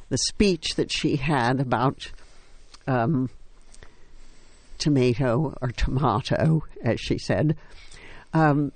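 An older woman, a stage actress, reminiscing in an interview with a wry, unhurried storytelling manner. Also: rumbling low, a little mellow, breathy edge, dry recording.

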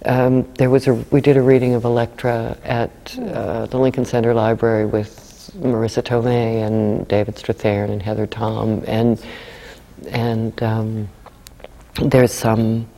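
Mellow-voiced woman, halting, echoing hall. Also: rumbling low, level tone. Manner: hesitant, many fillers and restarts. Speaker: guest actor. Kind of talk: conversational interview.

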